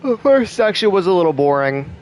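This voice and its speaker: A man's voice: high-pitched, sing-song, brisk, a little hiss or hum. A young man casually commenting on a game he is playing, rambling with lots of fillers and swearing. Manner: rambling, profane, trailing fillers. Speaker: gamer.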